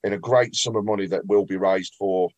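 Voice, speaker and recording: A man's voice: sits low, fairly even intonation, fairly quick, highs cut off, a crowd in the background. A man hosting a casual chat, reading out listener questions. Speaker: host.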